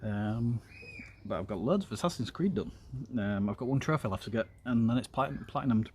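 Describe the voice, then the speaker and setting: In a medium-pitched, expressive, darkish voice, a streamer briskly walks viewers through a paracord weave as he works on it. He rambles, says "um" a lot, and chats about games on the side. There's a little hiss or hum in the recording.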